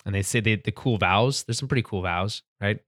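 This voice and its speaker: The co-host here has a lowish, fairly bright voice and talks fairly quickly, in a dry studio-quality recording. He and his podcast partner casually go over a TV episode, with him laughing frequently and restarting sentences.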